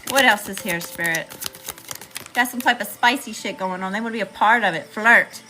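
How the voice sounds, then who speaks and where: A woman's voice: mid-range voice, moderate pace, background noise. A woman with a Southern US accent giving a chatty, slangy live tarot reading to viewers, calling them y'all. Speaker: tarot reader.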